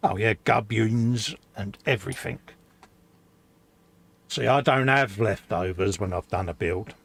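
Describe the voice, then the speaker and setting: Male co-host, a gravelly voice, and a laid-back, teasing delivery. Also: on the low side, a little slow, fairly bright tone. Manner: laid-back, banters and teases. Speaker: co-host of a model-building live stream. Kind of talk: casual chat.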